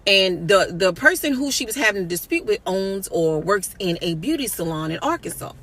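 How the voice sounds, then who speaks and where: Bright, blunt-spoken woman comedian. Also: mid-range voice, animated, moderate pace. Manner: blunt, indignant, profane, addresses listeners directly. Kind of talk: storytelling commentary.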